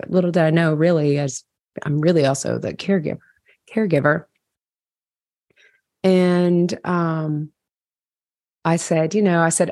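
Low-voiced woman telling a personal story. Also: moderate pace, no echo, clean studio sound. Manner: conversational, animated when retelling thoughts, frequent fillers. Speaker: podcast host reading her journal.

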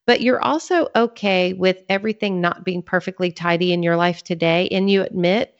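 A woman's voice: on the low side, normal speed. A woman guest on a podcast, explaining her ideas earnestly and laying out her points one by one in a conversational way. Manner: earnest, teaching, lays out points in a clear sequence. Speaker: podcast guest, author and ministry leader. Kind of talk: conversational interview talk. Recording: slightly dull lo-fi sound.

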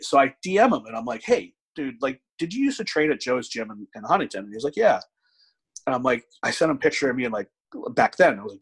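Husky, animated storytelling man. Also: medium pitch, quick pace, low-quality recording. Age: 30s. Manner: animated storyteller, frequent profanity, acts out quotes. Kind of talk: casual storytelling chat.

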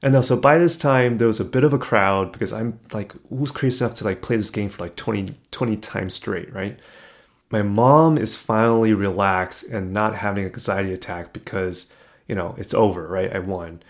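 A middle-aged man tells a personal story in a relaxed, conversational way. His voice sits on the low side, and he turns animated, then drops almost to a whisper at the tense moments. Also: normal speed. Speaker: speaker telling a personal story. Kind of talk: casual storytelling.

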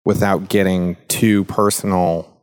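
A man co-hosting a casual talk about mentoring, relaxed and asking open questions with lots of "like" fillers. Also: low-pitched, a little slow, clear, resonant tone. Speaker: podcast co-host and youth mentor. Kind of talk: casual discussion.

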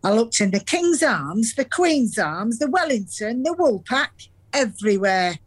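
An actress plays a warm, chatty grandmother from Salford, England, who has dementia, speaking with a Salford accent and telling earthy stories from the past while laughing readily. Her voice is a little high, with big pitch swings.

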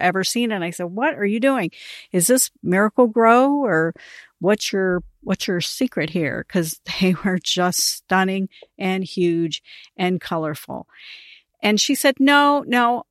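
A middle-aged woman tells a story on her ministry podcast, animated and quick to laugh. Her voice sits at an ordinary middle pitch, recorded dry and close to the mic. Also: no room sound. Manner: animated, laughs while telling stories. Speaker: podcast host, ministry coach. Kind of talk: casual storytelling monologue.

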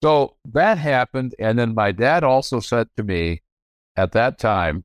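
A man's voice: medium pitch, animated, measured pace, clear, resonant tone, no echo. An older man guests on a podcast and tells stories from his family business in a frank, meandering way, often correcting himself mid-sentence. The recording is dry and close, with no room sound. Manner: rambling, self-correcting, frank. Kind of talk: candid storytelling.

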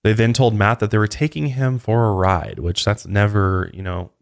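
Man, low-pitched voice, podcast host, true crime storytelling, casual and steady. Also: brisk, vocal fry. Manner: steady narration with casual asides.

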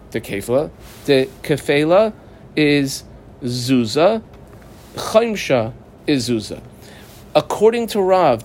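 Male Talmud teacher, mid-pitched, translates the text line by line for a small study group, faint background hiss. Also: a little mellow. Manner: explains step by step, asking and answering his own questions; reads Aramaic text and translates phrase by phrase. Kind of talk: Talmud class lesson.

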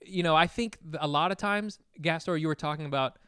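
A Vietnamese-American man in casual podcast chat who talks in restarts, swears and gets louder as he argues. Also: on the high side, a little fast, clean tone, dry recording, clean studio sound. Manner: animated, laughing, swearing, restarts.

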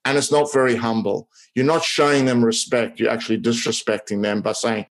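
A man, a tennis coach and podcast guest, talking earnestly about mindset in a relaxed podcast chat, repeating words and giving everyday examples. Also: medium pitch, a little fast, hardly any pauses.

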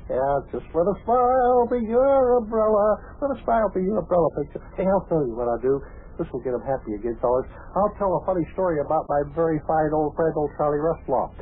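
A man's voice: a little high, animated, fast talker, husky. An actor playing a long-winded, chuckling male pal who rambles through folksy tall tales, on an old radio show. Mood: cheery. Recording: tinny old radio broadcast.

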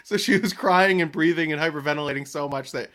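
A man's voice: a little high, quick pace. Laughing man telling an anecdote. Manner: animated, laughs easily, acts out quotes. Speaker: podcast co-host. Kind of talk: casual storytelling chat.

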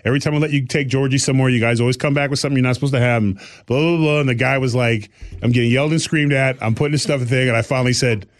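A man's voice: mid-range voice, fairly even intonation, racing, dry recording. A middle-aged man co-hosting a podcast, telling a story in casual chat and acting out other people's voices. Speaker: podcast co-host.

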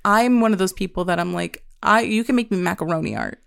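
A woman co-hosting a podcast, chatting casually and telling animated stories with plenty of swearing. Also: fairly low pitch, quick pace, vocal fry, clean tone, no room sound, clean studio sound. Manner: animated storyteller, swears freely. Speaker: podcast co-host. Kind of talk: casual chat.

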